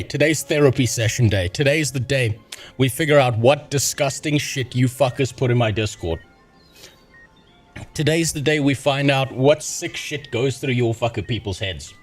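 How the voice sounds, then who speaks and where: A man ranting and joking with heavy swearing, as the host of a casual livestream, over faint music. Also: mid-range voice. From South Africa. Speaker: streamer.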